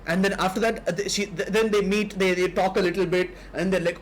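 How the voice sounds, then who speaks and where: Animated high-voiced man retelling a story. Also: quick pace, few pauses, a little hiss or hum, low-quality recording. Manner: animated, acts out characters' lines in quotes. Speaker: podcast co-host. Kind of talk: casual chat, retelling a manga.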